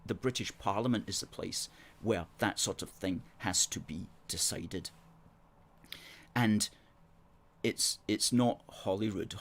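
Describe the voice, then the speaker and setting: A man's voice: deep voice, vocal fry, a little hiss or hum. A man hosting a live talk show, arguing his case earnestly and reading viewer comments aloud into a table microphone. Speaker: host.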